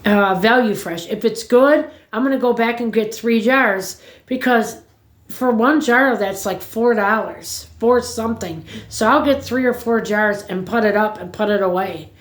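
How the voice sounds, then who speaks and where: A woman's voice: on the high side, measured pace. A woman vlogging from home, chatting casually to her viewers in a rambling, blunt way and swearing freely. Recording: roomy echo.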